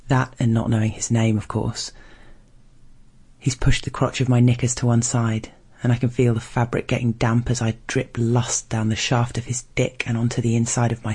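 Man, erotic story reading, husky, breathy, monotone, measured. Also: medium pitch.

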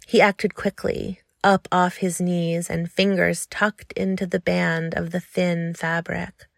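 Slow gravelly woman reading a story. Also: fairly low pitch, flat delivery, no room sound, studio quality. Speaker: narrator.

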